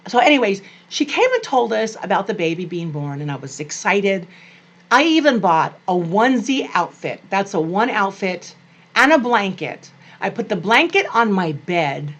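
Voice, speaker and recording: Animated grandmother telling family stories. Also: on the high side. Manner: animated, gushing, acts out quoted family voices. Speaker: vlogger. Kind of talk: personal storytelling to camera.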